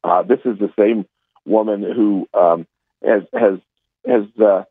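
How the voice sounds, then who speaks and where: Over a dry, tinny phone line, a political contributor argues in a combative, scornful way, with plenty of fillers and restarts. His voice is fairly low, his tone steady and his pace slow, and there's no echo.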